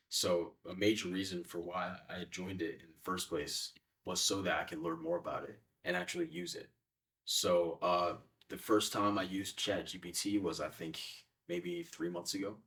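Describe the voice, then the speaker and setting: A man's voice: deep voice, fairly bright tone, distant mic. A young man answering interview questions in a casual, hesitant way with many fillers. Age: young adult.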